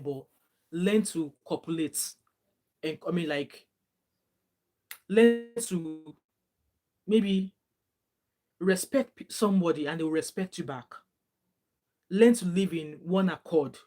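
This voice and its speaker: A woman's voice: fairly low pitch, darkish tone. Young Nigerian-accented woman, chatty vlogger who tells stories with restarts and slips into Pidgin. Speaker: vlogger reading viewer comments. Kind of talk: casual chat.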